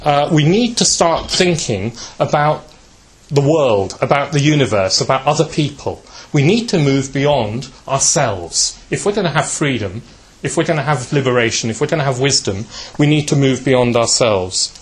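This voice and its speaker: Man, spiritual talk, gentle storytelling, mid pitch, uh fillers, asks yeah. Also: lively intonation, normal speed. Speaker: speaker giving a talk.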